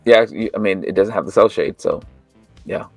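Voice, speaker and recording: A laid-back man co-hosts a casual chat, often stopping and restarting as he talks. His voice is low and gravelly, recorded dry and close. Faint music sits underneath. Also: normal speed, no echo. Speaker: co-host of a toy news show.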